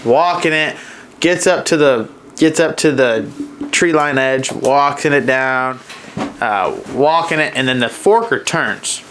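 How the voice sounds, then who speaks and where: A man co-hosting a podcast, retelling a deer hunt in a lively way and playing out what the deer might have thought. His voice sits at an ordinary middle pitch. A faint hum of room ambience runs under his talk. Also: unhurried. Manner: animated storyteller, acts out deer thoughts. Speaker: podcast co-host. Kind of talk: casual hunting story chat.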